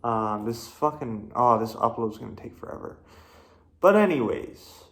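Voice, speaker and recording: A man's voice: mid-range voice, expressive, measured pace, vocal fry. A man hosting his own horror film review, talking casually with lots of fillers, restarts and swearing. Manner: rambling, profane, many fillers and restarts. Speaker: host.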